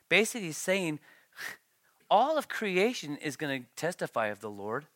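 A middle-aged man preaching a sermon in church, animated, his voice climbing when he tells stories. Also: fairly high pitch, normal speed, no room sound. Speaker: pastor.

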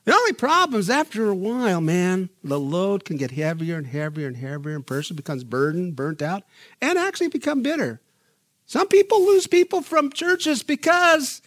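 A man's voice: very high-pitched, moderate pace, no room sound. A middle-aged man preaching a sermon as pastor, telling stories animatedly and acting out the people he quotes. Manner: animated storytelling, acts out quoted voices.

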